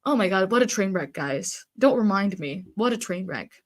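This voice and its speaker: A woman live-streaming, chatting loosely and answering her chat as she goes. Her voice is mid-pitched and slightly stuffy from a blocked nose, with frequent fillers and easy laughter. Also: expressive, normal speed. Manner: chatty, reads chat aloud, laughs often, frequent ums and likes.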